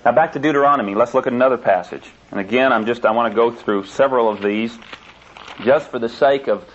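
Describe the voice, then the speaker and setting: A man's voice: mid-range voice, quick pace, a little hiss or hum. A man preaching a sermon and reading scripture aloud, pressing his points with insistent emphasis and repetition. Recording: dull lo-fi tape recording.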